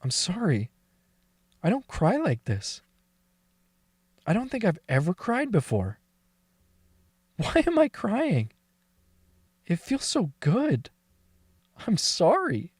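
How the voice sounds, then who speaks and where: A man's voice: a little high, very animated, slow, pauses often, darkish tone, no room sound, studio quality. An actor playing a crude, bitter man who has lost his memory after a brain injury, swearing constantly and crying in an audio drama. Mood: weeping. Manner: swears constantly, blunt and scornful. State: crying and laughing.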